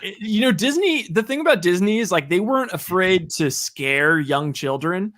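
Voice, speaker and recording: Male co-host, joking asides, slightly high, lively delivery. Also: normal speed. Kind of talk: casual podcast chat.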